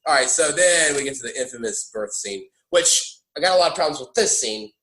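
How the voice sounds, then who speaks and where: A man hosting a podcast, chatting casually about a film, animated and laughing often, stumbling over restarts. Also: fairly high pitch, a little fast, echoey room, low-quality recording. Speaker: podcast host.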